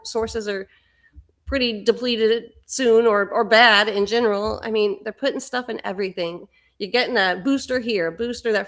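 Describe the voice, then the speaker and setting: Fervent woman with a gravelly voice. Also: mid-range voice, a bit bright. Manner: fervent, rambling, repeats words. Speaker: livestream host. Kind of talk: impassioned spiritual livestream monologue.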